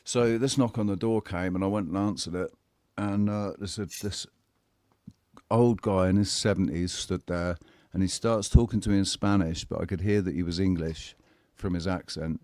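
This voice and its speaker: Man, lowish voice, dry close sound, casual blunt storytelling, swears, halting restarts. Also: fairly even intonation, mellow, no echo. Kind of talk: casual chat.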